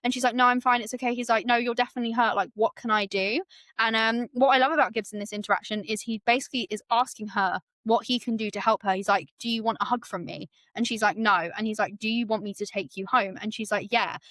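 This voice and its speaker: A woman's voice: mid-range voice, fairly even intonation, fast, fairly bright tone, dry recording. A woman hosting a book podcast, retelling the story in casual chat and acting out the quotes with many fillers.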